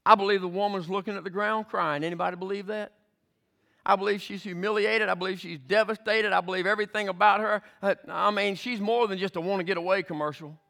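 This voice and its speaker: A man preaching with fervor, his voice pitched high and edged with gravel. He presses each point through repeated words and retells scripture scenes with vivid detail, climbing toward near-shouting at the peaks. The tone stays bright and forceful throughout. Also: fairly even intonation, fast talker. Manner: emphatic, repeats words as he builds. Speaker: pastor. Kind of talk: preaching a sermon.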